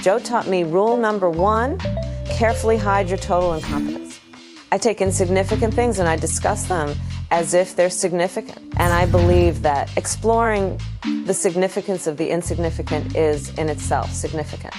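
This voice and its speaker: A woman voicing a mocking impression of a female presidential candidate in a sing-song satirical delivery, over loud music. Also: on the low side, normal speed, lightly acted. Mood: smug, mocking. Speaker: impressionist in a parody clip. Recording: loud music bed behind voice.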